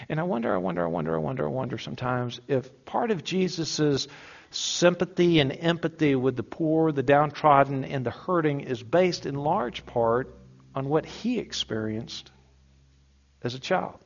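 A man preaching with a casual, joking delivery, his voice sitting a bit high. He leans on key words and draws them out slowly. The recording sounds dull and lo-fi. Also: lively intonation, gravelly. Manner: conversational and humorous, with emphatic slow stresses. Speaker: pastor. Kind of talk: sermon.

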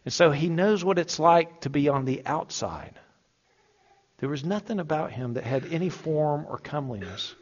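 A man preaching a sermon in a conversational, humorous way, slowing down to stress key words. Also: on the high side, expressive. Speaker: pastor. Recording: dull lo-fi sound.

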